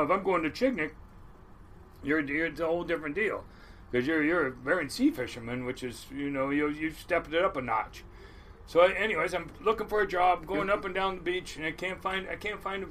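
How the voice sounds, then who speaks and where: A man's voice: fairly high pitch, bright, forceful tone, a little hiss or hum. A man in his sixties, a crab boat captain from the US Pacific Northwest, tells a rambling, salty story in a casual interview. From Washington State, US. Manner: rambling yarn-spinner, salty and blunt.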